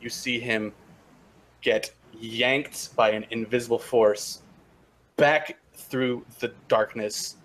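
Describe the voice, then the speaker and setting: Slow, halting man narrating as game master. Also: mid-range voice, fairly even intonation, fairly bright tone, poor audio. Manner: halting, with frequent restarts and fillers.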